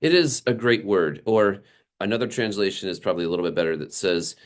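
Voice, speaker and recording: A man preaching a sermon, animated and acting out the people he quotes, with frequent small laughs. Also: lowish voice, fast. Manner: animated, acts out quoted characters, laughs often. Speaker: pastor.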